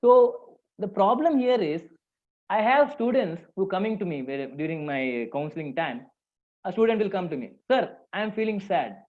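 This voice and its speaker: A man's voice: high-pitched, lively intonation, moderate pace. A man with an Indian English accent, a counselor giving a motivational talk to students, conversational and asking the audience questions. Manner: conversational, asks the audience questions, repeats phrases. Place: lecture hall. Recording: dull lo-fi sound.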